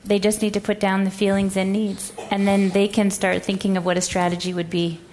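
A woman's voice: medium pitch, flat delivery, brisk, darkish tone, slight background noise. A woman educator giving a presentation, telling a classroom story and acting out the quoted voices. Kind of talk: presentation talk.

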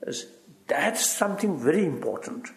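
A man giving halting, reflective interview answers in broken English, often repeating "you see" and chuckling. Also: fairly high pitch, expressive, gravelly, reverberant. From Tibet. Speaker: interviewee, spiritual teacher.

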